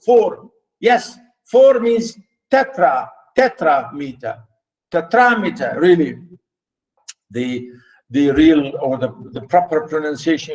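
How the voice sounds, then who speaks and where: A man's voice: a little high, lively intonation, slow pace, rough recording. A man lecturing an online class on poetic meter, repeating words and counting their syllables and stresses. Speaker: literature lecturer.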